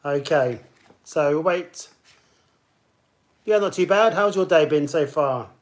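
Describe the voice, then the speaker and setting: A man's voice: fairly high pitch, expressive, slow. A man hosting a live online pub quiz, chatting and greeting players by name as he reads questions. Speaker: quiz host.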